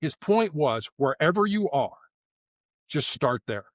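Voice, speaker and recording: Brief: man as interview guest, lively pitch, a touch high, dry close mic, acts out quotes in voices. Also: a little slow, no echo. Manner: animated, acts out quoted lines in character voices. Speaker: guest, former SWAT officer. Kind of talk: storytelling interview answers.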